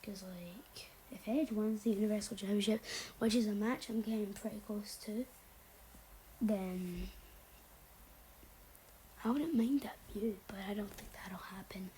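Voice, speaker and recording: A woman's voice: mid-range voice, measured pace, long pauses, dark tone, a little hiss or hum, rough recording. A young woman casually rambling through wrestling predictions, often sliding into a whisper, blunt and offhand. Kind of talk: casual chat.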